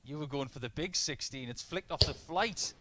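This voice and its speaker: A man's voice: on the high side, normal speed. A man giving live darts commentary, breaking down averages, doubles and shot choices as play unfolds. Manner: analytical, stat-heavy play-by-play. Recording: noisy line with clicks.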